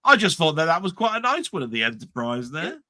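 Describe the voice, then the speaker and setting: Bright-voiced rambling man chatting. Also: a little high, sing-song, fast. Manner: rambling, stop-start storytelling with repeated words. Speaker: livestream co-host. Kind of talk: casual chat.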